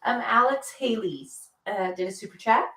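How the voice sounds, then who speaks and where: A woman's voice: on the high side, normal speed, sharp tone, far from the mic. A woman co-hosting a casual livestream, reading viewer questions aloud with light ums. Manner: reads comments aloud, light filler ums. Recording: echoey room.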